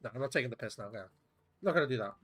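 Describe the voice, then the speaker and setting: A man's voice: medium pitch, animated, very fast, fairly bright tone. A man, chatting casually to viewers while streaming games, rambling and swearing. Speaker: game streamer. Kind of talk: casual live-stream chat.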